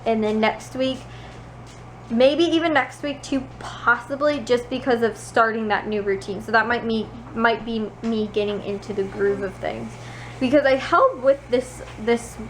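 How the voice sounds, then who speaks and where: A woman's voice: on the high side, unhurried. A young woman from the Chicago suburbs, chatting casually to camera in her bedroom and rambling with many filler words. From Chicago suburbs, USA. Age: young adult. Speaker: vlogger. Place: bedroom at home at night. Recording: noisy home recording.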